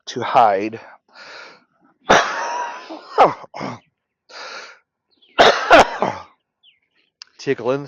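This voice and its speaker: Man, beekeeper, slow easy delivery, thinking aloud, dry dull lo-fi outdoor recording. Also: medium pitch, dry recording. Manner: unhurried, thinking aloud, clears throat and coughs often. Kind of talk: casual teaching while working. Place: outdoor apiary.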